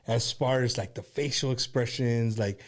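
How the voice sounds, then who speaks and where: A man's voice: mid-range voice, normal speed. A man hosting a casual chat show, chiming in eagerly as his guest talks. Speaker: host.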